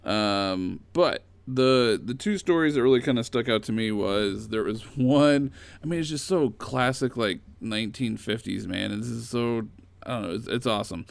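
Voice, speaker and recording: A man casually retelling old comic stories in a rambling, animated way. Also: medium pitch, moderate pace, vocal fry, dry recording. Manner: rambling, animated storytelling with fillers.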